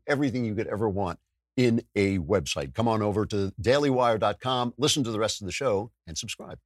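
A man's voice: lowish voice, fairly quick. A man hosting a podcast, delivering a sarcastic political commentary monologue with lots of restarts and self-corrections. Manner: animated, sarcastic, mimics voices. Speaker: podcast host.

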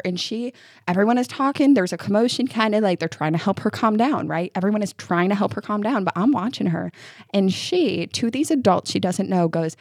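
A woman in her thirties co-hosting a podcast, telling stories in a lively way and acting out what people said. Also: mid-range voice, brisk, no echo, clean studio sound. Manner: animated storytelling, acting out quotes. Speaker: podcast co-host. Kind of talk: casual chat.

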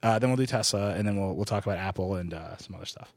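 A man's voice: sits low, fast talker, gravelly. A man hosting a casual tech podcast, rambling and laughing a lot. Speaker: podcast host. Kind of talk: casual chat.

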